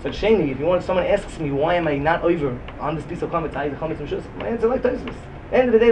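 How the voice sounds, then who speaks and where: Fast, high-voiced man with a Yeshivish accent giving a Talmud class. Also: animated, dull audio, background noise. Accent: Yeshivish English. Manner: rapid, emphatic, mixes Yiddish and Hebrew terms into English. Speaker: Talmud teacher. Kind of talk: Talmudic lecture.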